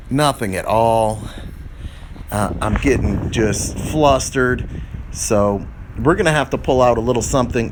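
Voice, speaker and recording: A middle-aged man chatting his way through a DIY tire review, rambling and growing frustrated as he works on his car outdoors. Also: mid-range voice. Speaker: product reviewer. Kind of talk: casual DIY review vlog. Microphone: phone camera. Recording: noisy outdoor phone recording.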